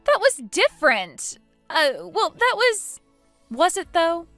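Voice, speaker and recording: A shrill, entitled young woman, put on by a female narrator, her voice climbing high and swinging wildly as she protests. Each line comes out whiny and outraged. Soft music plays faintly underneath. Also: very animated, takes it slowly, dry recording, full character voice.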